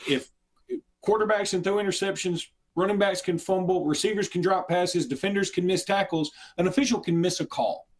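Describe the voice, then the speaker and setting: A man co-hosting a sports talk show, talking in animated, quick bursts. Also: high-pitched.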